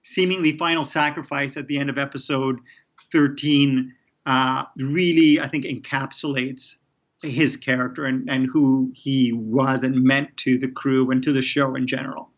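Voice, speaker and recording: A man's voice: medium pitch, fairly even intonation, normal speed. Rambling man, muffled lo-fi audio. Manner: rambling, many restarts and fillers. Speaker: TV showrunner guest. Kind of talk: casual interview conversation.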